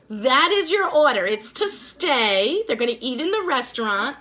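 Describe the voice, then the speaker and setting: A woman's voice: sits high, big pitch swings, moderate pace, hardly any pauses, pushed and bright. A woman teaching a life skills class over a video call, upbeat and encouraging as she quizzes her students.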